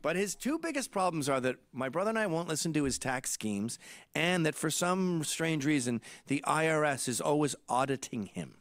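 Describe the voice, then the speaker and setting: The recording is dry and studio quality: a man with a fairly high voice, speaking at a moderate pace. He is a Canadian in his late forties telling irreverent, animated comic stories for a podcast monologue.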